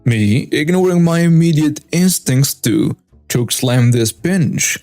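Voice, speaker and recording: A man narrating a first-person story with wry, animated asides. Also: fairly high pitch, a little slow, dry recording, soft background music.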